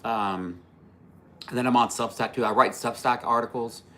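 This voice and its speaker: A man's voice: medium pitch, fairly even intonation, normal speed, sharp tone. A man in his fifties hosting a livestream, telling stories in a rambling, profane way with many fillers and restarts. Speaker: livestream host. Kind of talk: casual livestream storytelling.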